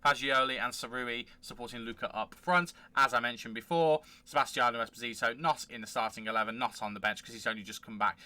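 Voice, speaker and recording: A man hosting a football management game let's play, giving chatty, excitable play-by-play commentary. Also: mid-range voice, quick pace, few pauses. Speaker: gaming channel host.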